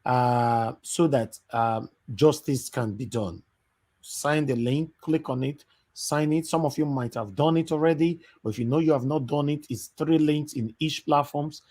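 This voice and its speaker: A man's voice: fairly high pitch, measured pace, darkish tone. A man hosting a live stream, urgently repeating instructions to his viewers. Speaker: livestream host. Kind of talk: live stream talk show.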